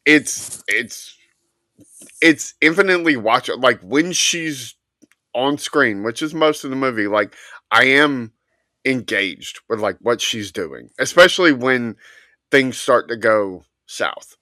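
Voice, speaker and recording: A man co-hosting a casual movie talk, speaking hesitantly and measured. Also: mid-range voice, animated, pushed and bright, no room sound. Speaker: podcast co-host.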